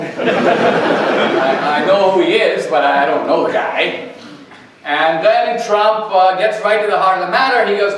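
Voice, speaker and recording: A man's voice: high-pitched, a little slow, slight background noise. A man giving a campus talk as a guest speaker, telling anecdotes and acting out dialogue. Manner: anecdotal storytelling, quoting dialogue. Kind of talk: campus lecture. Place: university lecture hall. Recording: echoey hall, distant mic.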